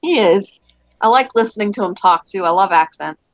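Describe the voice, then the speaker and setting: A middle-aged woman with a Canadian accent chats casually and rambles, laughing often. She talks at an average pitch. Her voice comes through dry and a little dull, like a lo-fi voice chat mic. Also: lively intonation, moderate pace, dry recording. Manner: rambling, chatty, laughs easily. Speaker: voice chat participant.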